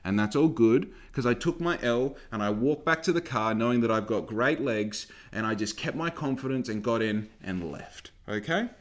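A young man with an Australian accent tells a long, rambling story. He swears freely and speaks in an animated way. His voice sits at a mid pitch. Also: moderate pace, hardly any pauses. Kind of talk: casual storytelling.

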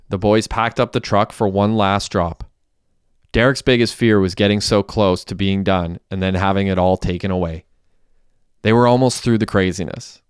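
A man narrating a crime audiobook in a steady, plain storytelling manner. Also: fairly low pitch, clean tone, no echo, clean studio sound.

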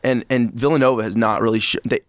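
Animated man ranting about sports. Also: medium pitch, fast talker, no room sound, clean studio sound. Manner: animated, jokey, prone to rants. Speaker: podcast co-host. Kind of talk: casual sports betting chat.

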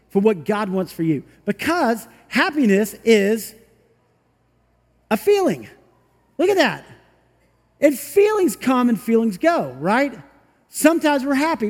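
Male pastor, very high voice, conversational preaching with acted-out asides, long church reverb. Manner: conversational, acts out little voices, shouts of "woo". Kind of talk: sermon. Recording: long reverb from a large room.

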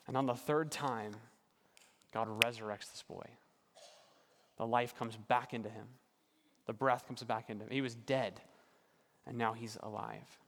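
A man's voice: medium pitch, a little slow, pauses often. Earnest male pastor in a reverberant hall. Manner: earnest, builds with repetition, drops to quiet emphasis. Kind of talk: sermon.

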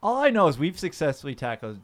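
A man's voice: a little high, big pitch swings, quick pace. Rowdy swearing man on a podcast. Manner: loud, jokey, swears a lot. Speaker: podcast co-host. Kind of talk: crude comedic banter.

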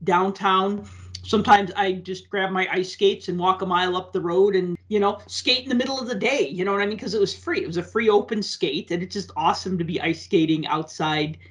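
A man co-hosting a casual podcast, telling a story with lively asides and acting out the people in it. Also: sits high, a little fast. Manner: animated storyteller, acts out quoted voices. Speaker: podcast co-host and teacher.

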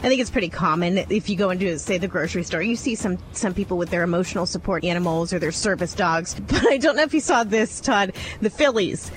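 A woman's voice: lowish voice, quick pace, few pauses, a little hiss or hum. A woman co-hosting a morning radio show, chatting casually in the studio and laughing often as she talks. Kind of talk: casual on-air chat.

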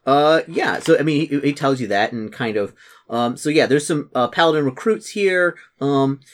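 A man's voice: mid-range voice, expressive, moderate pace. Rambling young man running a tabletop game. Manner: rambling, lots of fillers and restarts. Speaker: game master.

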